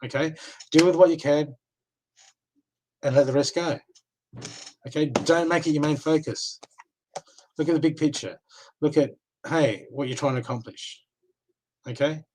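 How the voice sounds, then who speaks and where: A man's voice: on the high side, fairly even intonation, normal speed, pauses often, darkish tone, a little hiss or hum, poor audio. An Australian man giving live card readings, talking casually and reassuringly, often checking in with "okay?". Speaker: card reader.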